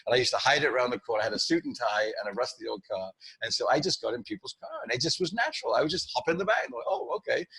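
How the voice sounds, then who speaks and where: A middle-aged man talking as a sales trainer in a podcast interview, animated, restarting sentences and acting out client lines. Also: mid-range voice, very fast, vocal fry, hardly any pauses, slightly rough, no room sound.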